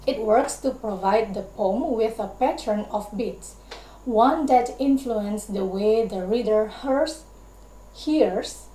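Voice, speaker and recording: A young woman from Indonesia, a university student giving a class presentation, explaining carefully and deliberately. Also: medium pitch, dark tone, reverberant, low-quality recording. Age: young adult. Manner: careful, deliberate explaining, often linking with "and then".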